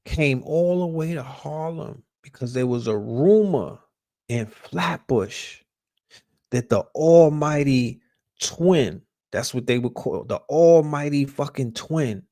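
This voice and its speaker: A man from Brooklyn with a New York accent, hosting a podcast and telling stories in a casual, profane, animated way, often restarting his words. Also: mid-range voice, takes it slowly, dry recording, studio quality. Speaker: podcast host. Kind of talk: casual storytelling.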